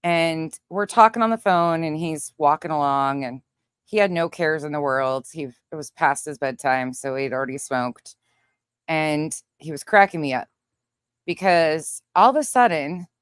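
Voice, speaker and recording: A young woman from Montana, a livestream host chatting casually with viewers and telling a story in a profane, animated way. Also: deep voice, a little slow, smooth, dry recording, clean studio sound. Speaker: livestream host reading chat.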